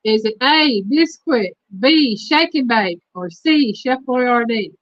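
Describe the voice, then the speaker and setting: Female host, higher voice, slow trivia reads, dry lo-fi audio. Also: lively intonation, fairly bright tone, no room sound. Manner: reads quiz questions slowly and repeats them. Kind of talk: casual livestream trivia chat. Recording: dull lo-fi stream audio.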